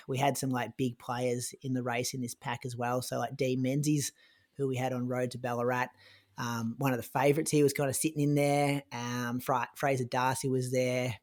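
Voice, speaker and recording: Chatty man retelling a race. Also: medium pitch. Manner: chatty, lots of "like" and restarts, animated in retelling. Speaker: podcast co-host recounting his race. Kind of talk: casual conversational storytelling.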